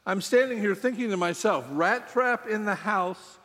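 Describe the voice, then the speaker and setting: A man's voice: high-pitched, normal speed, a bit bright, pitched above the performer's own voice. A man voicing a self-centered chicken who shrugs off a warning in an offhand way. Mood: dismissive. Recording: long hall reverb.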